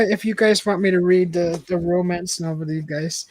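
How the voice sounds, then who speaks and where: A middle-aged woman hosting a relaxed chat show, rambling and chatty as she talks to her viewers and reads from a book. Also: fairly low pitch, measured pace, no echo, poor audio. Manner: rambling and chatty, with frequent restarts and laughs. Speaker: host. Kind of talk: casual chat and reading aloud.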